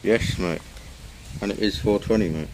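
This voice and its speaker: A man's voice: on the low side, normal speed, noisy background. A young man chatting casually to camera in a laid-back, slangy way, swearing a lot. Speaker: vlogger. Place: at home and outdoors.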